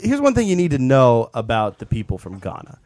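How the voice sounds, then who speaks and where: A man's voice: medium pitch, wildly swooping pitch, a little fast, darkish tone, no echo. A young man co-hosting a podcast, casually rambling through a story with lots of animation. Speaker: podcast co-host. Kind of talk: casual chat.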